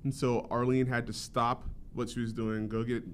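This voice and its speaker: A man's voice: medium pitch, level tone, normal speed, slight background noise. A young adult man, a podcast host and author appearing as a guest, chatting casually with lots of fillers and restarts. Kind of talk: casual chat.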